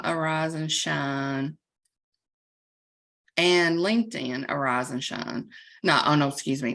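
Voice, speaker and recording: A woman with a Southern US accent from Alabama, chatting as a coauthor and preacher on a video call, telling stories in an animated way with laughs. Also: low-pitched. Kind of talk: casual chat on a video call.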